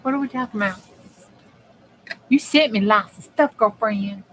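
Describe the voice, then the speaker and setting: A woman chats folksily to herself and her audience while making crafts on her channel. She speaks at a normal speed in a mid-range voice that is a bit bright, and the rough recording has a little hiss or hum.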